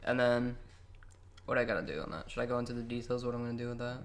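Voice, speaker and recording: A man's voice: mid-range voice, rapid-fire. A nineteen-year-old man co-hosting a casual podcast, rambling and swearing a lot. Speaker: podcast co-host. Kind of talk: casual joking chat.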